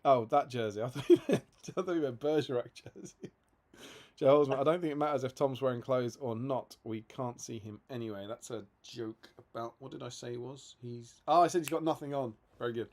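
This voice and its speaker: A man's voice: mid-range voice, a little fast, a little mellow. A man co-hosting a live stream in casual chat, reading out viewer comments and laughing often. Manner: chatty and amused, laughs often. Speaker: livestream co-host.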